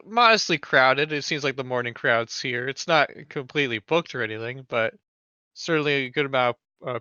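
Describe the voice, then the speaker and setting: A man's voice: on the high side, bright, forceful tone, clean tone, no echo, muffled recording. A man narrating a tabletop game as game master, loose and casual, with lots of fillers and crude asides.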